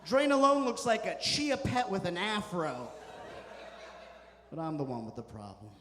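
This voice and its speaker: A man's voice: high voice, measured pace, background noise. Stand-up comic man, echoing club. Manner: deadpan storytelling with punchy asides. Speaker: stand-up comedian. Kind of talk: stand-up comedy set. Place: comedy club stage.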